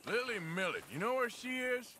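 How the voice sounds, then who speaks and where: An actor playing a gruff male outlaw debt collector in a western video game, speaking low, blunt and unhurried. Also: lively intonation, sharp tone, a little hiss or hum, full character voice.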